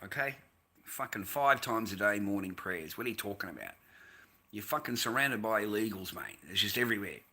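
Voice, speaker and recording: Aussie guy ranting on a stream, swears a lot, keeps repeating himself, bright edgy voice. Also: fairly low pitch, big pitch swings, a little fast, breathy edge. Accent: Australian. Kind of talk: profane rambling rant.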